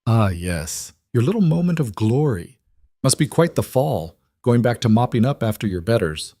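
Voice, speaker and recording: A man's voice: medium pitch, very animated, moderate pace, mellow, no room sound, clean studio sound. A man voicing a cold, scheming nobleman who talks down with mockery. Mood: mocking. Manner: mocking, condescending.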